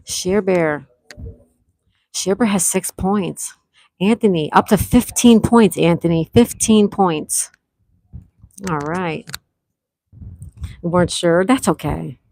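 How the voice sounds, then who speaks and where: A woman's voice: lowish voice, takes it slowly, long pauses, a little mellow, no echo, poor audio. Chatty woman hosting a live trivia stream. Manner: reads questions twice, greets players by name. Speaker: trivia game host.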